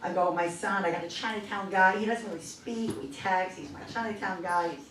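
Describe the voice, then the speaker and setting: A middle-aged woman performing a stand-up comedy set in a club, chatty and self-deprecating, with quick asides. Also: mid-range voice, a little hiss or hum. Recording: echoey club from far off. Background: audience laughter.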